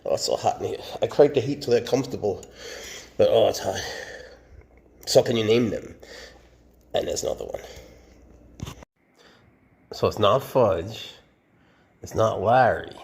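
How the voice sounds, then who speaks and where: A man chatting casually while he handles his snakes, cooing at them and often dropping to a hushed murmur. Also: on the low side, a little slow, creaky, pauses often. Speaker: snake keeper vlogger.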